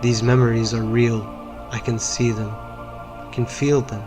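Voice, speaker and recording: Man from Palestine, Arabic native speaker, narrates first-person horror in a flat, measured voice over faint music. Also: medium pitch. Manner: measured, dramatic inner monologue.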